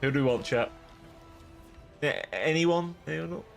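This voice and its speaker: A man's voice: a little high, animated, measured pace, creaky, soft background music. A young man live-streaming a strategy game, chatting casually with his viewers in a rambling, joking way. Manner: rambling, jokey, talks to chat.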